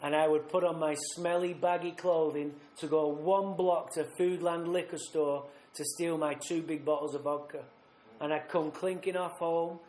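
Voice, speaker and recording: A man speaking at a recovery retreat, telling his own story bluntly and vividly, acting out scenes with rough language. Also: a little high, steady tone, moderate pace, a little mellow. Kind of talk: personal recovery story told live. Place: retreat meeting room. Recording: roomy live talk recording.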